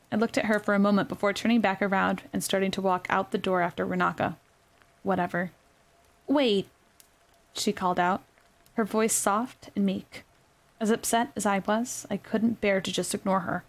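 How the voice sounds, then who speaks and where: A young adult woman reading her own novel aloud in a quiet, gentle ASMR narration, with small self-corrections. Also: mid-range voice. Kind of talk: soft-spoken ASMR story reading.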